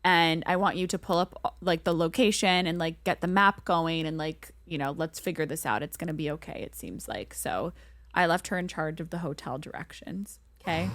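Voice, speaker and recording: A young woman co-hosting a podcast, telling a travel story in a casual, animated way and acting out the voices in it. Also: deep voice, normal speed, no room sound. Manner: animated, acts out quoted voices, many "like"s. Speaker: podcast co-host.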